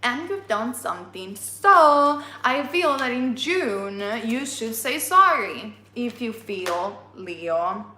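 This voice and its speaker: A woman giving an astrology reading, retelling a myth in an animated way and addressing listeners by their star sign. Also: fairly high pitch, reverberant. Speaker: astrology reader. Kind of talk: tarot reading monologue.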